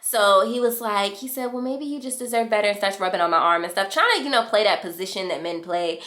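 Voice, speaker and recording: A young woman vlogger telling a storytime in casual chat, animated and slangy, acting out what others said. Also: mid-range voice, fairly quick. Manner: animated, slangy, acts out quotes. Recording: echoey room.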